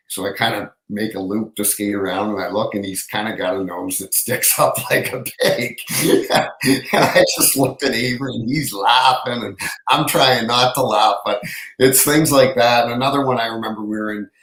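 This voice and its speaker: Deep-voiced man telling stories. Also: normal speed, a bit bright, roomy sound, low-quality recording. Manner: rambling, self-correcting storyteller. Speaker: former hockey referee, podcast guest. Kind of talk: casual anecdotal storytelling.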